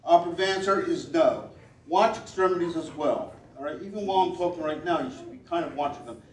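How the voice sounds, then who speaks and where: A man's voice: a little high, fast talker. A man performing a live stage act with audience volunteers at a gala, teasing them with wry asides and chanting repeated commands. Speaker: stage performer reading body language. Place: event hall at a gala. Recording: roomy hall, voice picked up from a distance.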